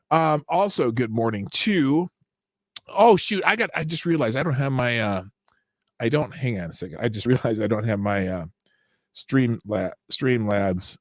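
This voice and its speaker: Male live-stream host, animated rambling delivery, dry sound. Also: mid-range voice, dry recording. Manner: animated, rambling, laughs often. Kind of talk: casual live-stream chat, greeting viewers.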